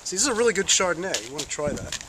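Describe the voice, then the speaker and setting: Man, wine tasting host, lively pitch, slightly high voice, echoey camcorder sound. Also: very fast, noisy background. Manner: chatty, leading questions, repeats words. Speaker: wine writer hosting a tasting. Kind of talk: casual wine tasting video. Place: outdoors in snow, then indoors. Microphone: handheld camcorder.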